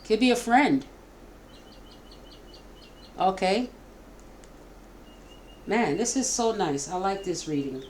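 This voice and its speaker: A woman's voice: mid-range voice, expressive, slow, pauses often. Middle-aged woman as tarot reader, casual and stumbling, a little noise behind her. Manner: warm, repetitive, stumbling, emotional. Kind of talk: casual spoken tarot reading.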